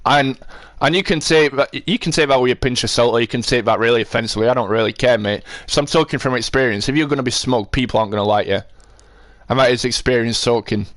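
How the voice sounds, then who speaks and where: A man's voice: medium pitch, fast, a bit bright, no echo. A man with a Sheffield accent, a livestreamer ranting at his chat, swearing and repeating himself. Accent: Sheffield English. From Sheffield, England. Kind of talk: angry rant to live chat.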